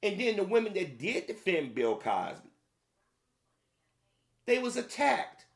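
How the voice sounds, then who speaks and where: Male commentator, slightly higher voice, heated, repetitive opinion rant. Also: very animated, unhurried, creaky. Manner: heated, repetitive, addressing the audience directly.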